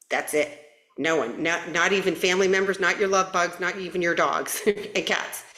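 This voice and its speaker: Giggly woman doing a spiritual live stream, lowish voice, echoey room. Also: fairly bright tone. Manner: playful, giggly, with sudden high jumps. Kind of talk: live spiritual update, casual talk. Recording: roomy echo.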